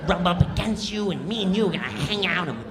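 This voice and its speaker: A man's voice: sits high, animated, fast, a crowd in the background. A man voicing a crude male sketch character who rambles through sleazy come-ons.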